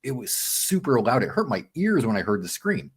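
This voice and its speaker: Animated storytelling man, podcast guest. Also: medium pitch, moderate pace, husky. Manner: animated, acts out quotes, says man and dude a lot. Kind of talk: casual storytelling chat.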